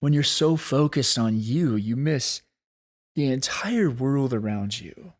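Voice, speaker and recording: A man hosting a solo podcast, talking in an earnest, thoughtful way and slowing down to stress key points. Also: mid-range voice, lively intonation. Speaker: podcast host. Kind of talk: reflective solo podcast talk.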